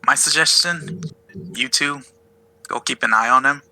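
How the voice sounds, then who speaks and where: Man, player, very bright tense voice, casual, flustered, swears. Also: medium pitch, unhurried, low-quality recording. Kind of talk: casual tabletop game play.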